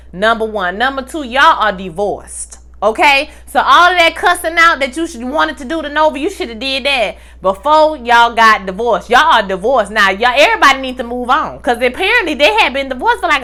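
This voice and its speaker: A woman giving a casual comedic TV recap, animated and sassy, full of slang, acting out the characters' lines. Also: high-pitched. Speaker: TV recap reviewer.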